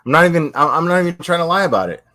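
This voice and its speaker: Brief: angry male streamer, higher voice, heavy cursing, repetitive jabs, dry close mic. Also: animated, racing, sharp tone, no room sound. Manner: profane, repetitive, confrontational. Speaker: YouTube creator. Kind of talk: angry livestream rant.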